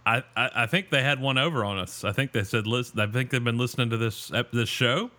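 A man's voice: medium pitch, quick pace, bright, forceful tone. A man co-hosting a podcast over a call, joking and teasing in loose casual chat. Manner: joking, playful. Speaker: podcast co-host. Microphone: remote call.

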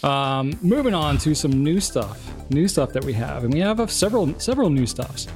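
A man's voice: on the high side, expressive, normal speed, a little mellow, faint music behind. A man co-hosting a casual chat, reading viewer comments aloud and joking at himself, laughing often. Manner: jokey, self-deprecating, laughs often. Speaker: co-host.

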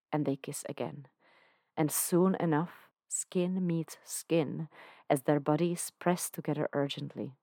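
A woman with a low voice reads fan fiction aloud for a podcast at an unhurried pace. Her narration is calm and measured. The recording is dry and close, with no room around it. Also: no room sound. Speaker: podcast fanfiction reader.

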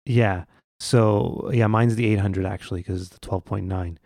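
Podcast co-host, man, low and gravelly, relaxed chatty delivery. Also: normal speed, no echo, studio quality. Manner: chatty, frequent ums and restarts. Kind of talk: casual tech chat.

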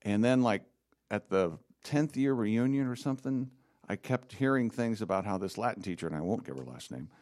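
A man's voice: on the low side, animated, normal speed, darkish tone. A man in casual chat, telling wry, self-mocking stories about school.

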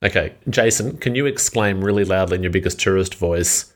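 A man co-hosting a podcast, talking in a wry, deliberate, casual way. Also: low-pitched. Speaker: podcast co-host. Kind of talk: casual chat.

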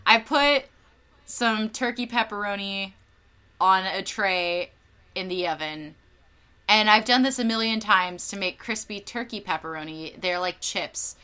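Her mid-range voice has a clear, resonant tone as this young woman from Northern California tells a comic everyday tale on the podcast she co-hosts. She's dramatic and animated, swearing and laughing often in the casual storytelling.

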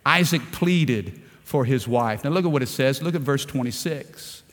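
A man's voice: medium pitch, lively intonation, normal speed, in a large hall. A man preaching a fervent sermon, repeating words and asking the congregation rhetorical questions. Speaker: pastor. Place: large church hall.

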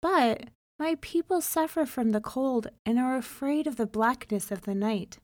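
A woman's voice: sits high, unhurried, darkish tone, no echo, pitched above the performer's own voice. A woman voicing a humble, kind young male fisherman in a storybook reading, earnest and plain-spoken. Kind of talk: storybook narration.

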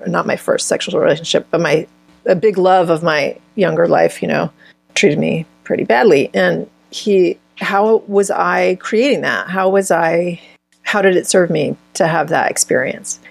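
A woman with a gravelly, slightly breathy voice talks as a guest healer in an interview. She feels her way through ideas, restarting phrases as she thinks. The sound is dry and close. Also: on the low side, a little slow, no echo. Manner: searching, restarts phrases mid-thought. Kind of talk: conversational interview answers.

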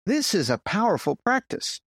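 A man with a French accent, a Zen teacher talking through ideas on a podcast, stressing points with pauses. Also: high-pitched, slightly rough, no echo, studio quality. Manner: animated, pausing to stress points.

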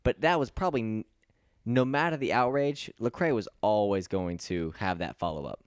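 A man co-hosting a podcast, telling stories in an animated, self-deprecating way. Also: fairly low pitch, normal speed, clean tone, no echo, clean studio sound. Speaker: podcast co-host. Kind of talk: casual conversation, storytelling.

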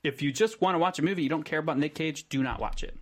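A man's voice: on the high side, fast. A man co-hosting a casual podcast chat about movies, rambling with lots of ums and restarts. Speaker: podcast co-host.

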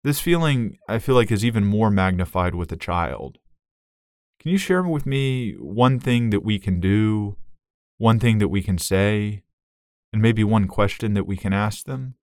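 Low-voiced host asking earnest questions. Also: male voice, lively intonation, measured pace, a little mellow, no room sound, studio quality. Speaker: interview host. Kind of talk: interview questions.

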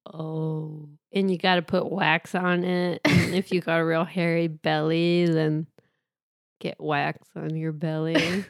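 A woman's voice: deep voice, level tone, slow pace, dry recording, studio quality. A woman co-hosting a casual chat about crossword puzzles, teasing and giggling through her sentences. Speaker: podcast co-host.

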